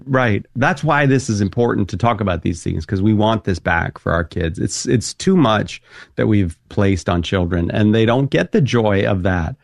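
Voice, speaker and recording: A male co-host chatting casually and explaining things to his partner. His voice sits on the low side. The recording is dry and close. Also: moderate pace, vocal fry, no echo. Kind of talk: casual chat.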